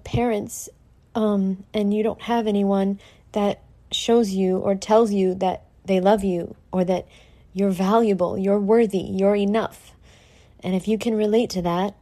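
A woman's voice: mid-range voice, warm tone. A woman hosting a podcast, talking candidly and emotionally in a casual solo monologue, swearing freely. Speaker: podcast host.

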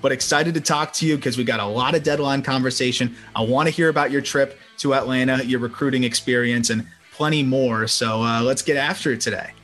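A man hosting a casual sports podcast from home, chatty and quick to laugh, with frequent restarts. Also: medium pitch, steady tone, a bit bright, soft background music. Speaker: podcast host. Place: home during a summer thunderstorm.

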